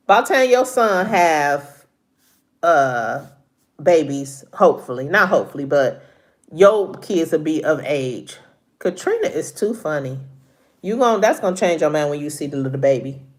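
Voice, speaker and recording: Chatty middle-aged woman, lowish voice. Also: lively intonation, takes it slowly, long pauses. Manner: chatty, laughs often, Southern US vernacular. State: congested from allergies. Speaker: live-stream host. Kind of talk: casual live-stream chat with viewers.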